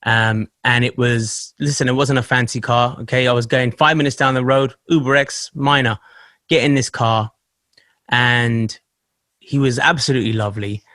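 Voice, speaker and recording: A man hosting a podcast in casual chat, telling stories in an animated way with laughter and swearing. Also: mid-range voice, moderate pace, no echo. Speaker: podcast host.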